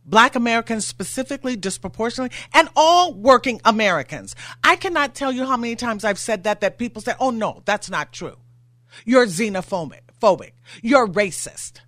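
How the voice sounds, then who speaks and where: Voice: medium pitch, animated, brisk, a bit bright, dry recording. A talk radio host in a studio, getting worked up and firing off rhetorical questions.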